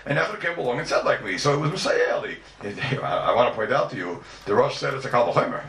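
A man races through a Talmud lesson, his pitch leaping up and down as he argues each point. He is heard from a distance in a roomy classroom, with faint ambience behind him. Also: animated, fairly bright tone. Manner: rapid, questioning, sing-song give-and-take. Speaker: Talmud teacher. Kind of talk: animated Talmud class lecture.

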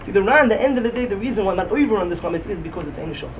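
A man with a Yeshivish English accent giving a Talmudic lecture in a rapid, emphatic way. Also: high-pitched, lively intonation, muffled recording, crowd noise. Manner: rapid, emphatic, mixes Yiddish and Hebrew terms into English. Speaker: Talmud teacher.

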